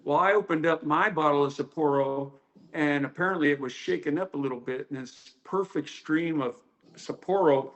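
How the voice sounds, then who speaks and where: Chatty man telling karate stories. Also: a little high. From United States. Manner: anecdotal, many fillers, acts out quotes. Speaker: karate instructor. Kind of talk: storytelling interview.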